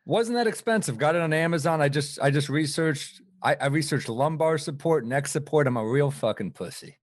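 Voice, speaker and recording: A man's voice: a little high, fairly quick. A man in his thirties chatting over drinks, self-deprecating, swearing casually and laughing a lot. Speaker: podcast guest.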